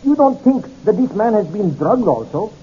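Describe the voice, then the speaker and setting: A man's voice: high voice, sing-song, normal speed, slightly rough, pitched above the performer's own voice, heavily acted. A man doing an anxious, questioning man. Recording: dull lo-fi recording.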